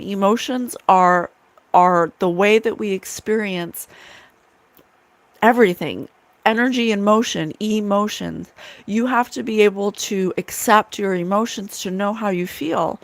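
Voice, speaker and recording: Heard in a dry recording, a medium-pitched woman runs a psychic livestream, talking earnestly to her chat. At times tearful, she repeats key phrases to emphasize them.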